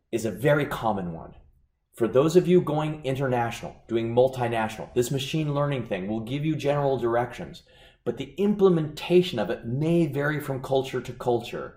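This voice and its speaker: A man giving a business lecture, animated and acting out anecdotes as he teaches. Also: medium pitch, reverberant. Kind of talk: lecture with storytelling.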